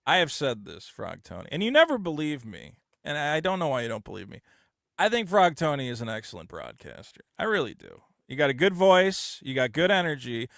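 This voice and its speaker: A man's voice: fairly high pitch, big pitch swings, fairly quick, creaky, a bit bright, no echo, clean studio sound. A man hosting a podcast in casual, blunt, profane chat, often mocking others in exaggerated voices. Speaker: podcast host.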